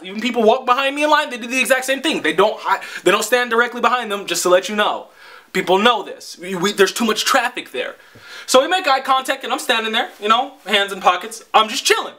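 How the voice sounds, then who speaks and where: Young male vlogger, high-pitched and sharp, rambling profane rant. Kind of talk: casual storytelling rant.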